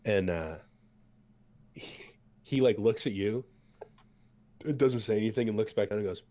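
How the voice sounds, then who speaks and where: Low-ish guy GMing a tabletop game, casual and rambly. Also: a little slow, darkish tone. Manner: casual, many fillers and restarts. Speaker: game master.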